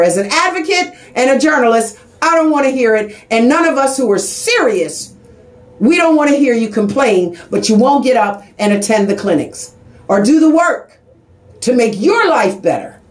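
A middle-aged woman with a high voice delivers a fervent podcast monologue, pressing and exhorting her listeners. She is recorded in an echoey room. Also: sing-song, a little slow. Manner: passionate, exhorting, emphatic. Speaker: advocate and journalist. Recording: roomy echo.

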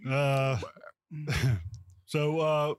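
A man's voice: on the high side, level tone, extremely slow, clean tone, no room sound, studio quality. A man hosting and editing a casual podcast, joking as he keeps the show moving. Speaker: podcast host and editor. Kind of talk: casual chat.

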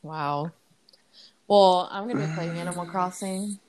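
Giggly young woman, low and slow. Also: darkish tone, a little hiss or hum. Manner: giggly, laughs often, talks over the other speaker. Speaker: podcast host. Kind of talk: casual chat. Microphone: phone call.

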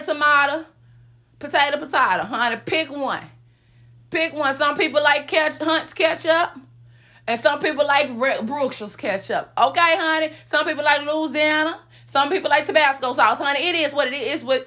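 Podcast host, woman; high-pitched, sassy, motivational preaching. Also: normal speed, bright, forceful tone. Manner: sassy, preachy, calls out to listeners with "honey" and "come on, somebody".

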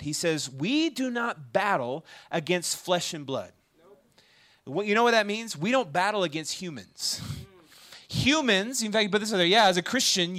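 A man preaching a sermon to a campus ministry gathering, conversational and animated, often checking in with the audience with questions. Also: high voice.

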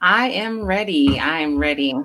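A woman with a low voice co-hosts a relaxed talk show. She explains things earnestly, often adding "you know" as she goes. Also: measured pace. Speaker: co-host. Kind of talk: casual talk show chat.

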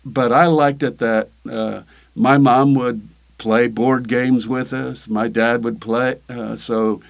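An older man, talking as a pastor in a relaxed interview. He speaks in a halting way, with many fillers and restarts. His voice sits at an ordinary middle pitch for a man. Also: vocal fry. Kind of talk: casual interview.

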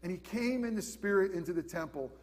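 A man preaching a sermon with emphatic, repeated questions, swinging between loud and hushed delivery. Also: high voice, animated, fairly quick, in a large hall.

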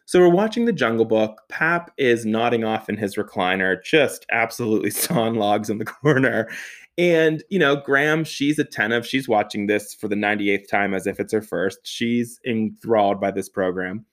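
A young man telling a comic personal story, animated, laughing often, swearing and making quick asides. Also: lowish voice.

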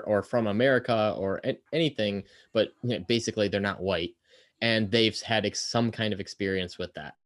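Male podcast host, low voice, measured and casual. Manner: measured, asks questions, often gives brief reactions. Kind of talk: casual conversation.

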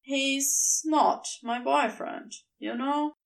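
A woman voicing a sharp-tongued teenage girl skater who speaks bluntly, in a read-aloud story. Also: high voice, drawn-out words, gravelly, far from the mic, full character voice. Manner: blunt, snappish.

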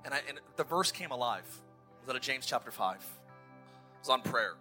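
Bright-voiced, animated male pastor preaching. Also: medium pitch, moderate pace, faint music behind. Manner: energetic, joking, self-deprecating storyteller. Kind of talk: sermon. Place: church.

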